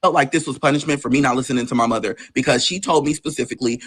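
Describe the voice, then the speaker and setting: A man's voice: very fast, hardly any pauses, fairly bright tone, husky. A man guest telling an emotional personal story, intense and swearing as it builds. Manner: intense, swearing, rising pitch in tense moments.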